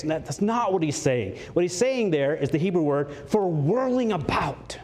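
A man with a slightly high voice preaching a sermon. He speaks earnestly, slows down to press home key words, and lifts his voice when the point grows urgent. Now and then he drops in a light joke. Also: expressive, darkish tone. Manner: earnest preaching, slows for emphasis, rises in pitch when stirred; slips in light jokes. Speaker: pastor.

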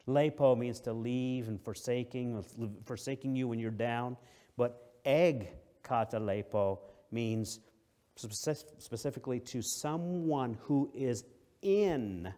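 A middle-aged male preacher with a mellow, warm tone, working through a verse word by word. He drives his points home by repeating them and moves between loud stresses and quiet asides. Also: medium pitch. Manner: emphatic, repeats key phrases, swings between loud and soft. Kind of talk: sermon, verse-by-verse word study.

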